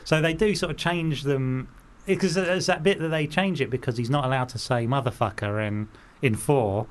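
A man chatting casually about films as a podcast co-host, relaxed, retelling scenes and asking questions. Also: medium pitch, moderate pace. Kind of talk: casual film chat.

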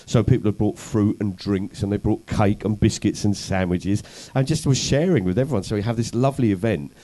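Male guest, low warm voice, wry anecdotal storyteller. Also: a little fast, low-quality recording. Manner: anecdotal, wry, self-deprecating. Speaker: comedian and activist guest. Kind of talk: conversational storytelling interview.

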